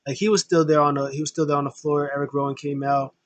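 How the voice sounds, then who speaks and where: A man's voice: a little high, little pitch movement, fast talker, no echo. A man giving a casual, rambling recap of a wrestling show, full of fillers and emotional fan talk.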